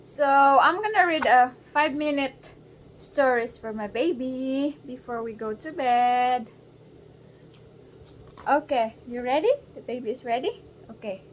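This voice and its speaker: A mother reads a storybook aloud to her baby at bedtime, her voice a bit high. She keeps the narration casual and breaks off to coax the wriggling child. Faint background noise sits under the recording at home. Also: unhurried, rough recording. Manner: casual reading, distracted, coaxing a wriggling baby.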